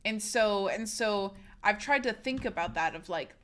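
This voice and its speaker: A woman's voice: mid-range voice, expressive, a little slow, fairly bright tone. A woman streamer, sick, talking frankly and casually straight to her live chat.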